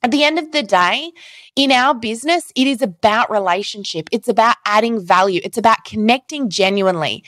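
A woman hosting a solo podcast, telling stories in an animated way and acting out the messages she quotes. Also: on the high side, a little fast, no echo. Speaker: podcast host.

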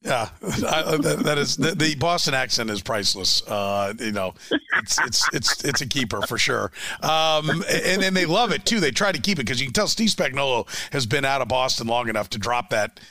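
A man hosting a sports radio show, brisk and upbeat, chatting and reading sponsor copy. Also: medium pitch, expressive, sharp tone, no room sound. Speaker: radio host.

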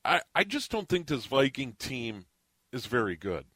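A man talking sports on the radio in a measured, analytical way. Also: mid-range voice, big pitch swings, fairly bright tone, breathy edge, no room sound. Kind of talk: sports commentary chat.

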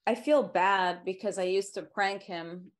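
A woman's voice: medium pitch, a little slow. A woman hosting an interview podcast, chatty and teasing with her guest. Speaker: podcast host. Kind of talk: casual interview chat.

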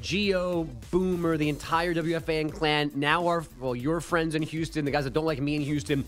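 A slightly high male voice with a dry, teasing wit, bantering as a sports radio co-host. Faint music sits under his talk. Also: steady tone, moderate pace, a bit bright.

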